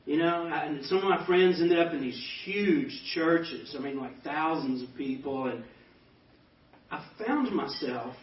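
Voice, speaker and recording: Man telling a lively personal testimony. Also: on the high side, unhurried. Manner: animated storytelling with self-deprecating humor. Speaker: pastor. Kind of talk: personal testimony to a banquet audience. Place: banquet hall. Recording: echoey hall, distant mic, dull sound.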